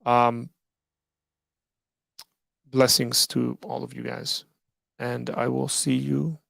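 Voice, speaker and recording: Gravelly-voiced man hosting a call-in stream. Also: mid-range voice, level tone, slow, fairly bright tone, no echo, clean studio sound. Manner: rambling, filler-heavy, frequent "like" and "right?". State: losing his voice after hours of streaming. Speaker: host of a live call-in stream. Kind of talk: casual livestream talk.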